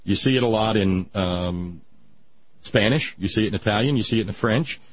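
A man on a radio talk show, talking in a casual, emphatic way that climbs into loud, insistent peaks. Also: lowish voice, moderate pace, no echo. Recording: dry, dull radio audio.

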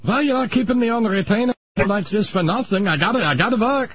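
A man's voice: sits high, quick pace, breathy edge, dry recording, pitched above the performer's own voice. A man voicing a pompous older Viennese psychiatrist in a radio comedy bit, lecturing in a thick mock-German accent. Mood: smug. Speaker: comedy sketch character. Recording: muffled radio broadcast.

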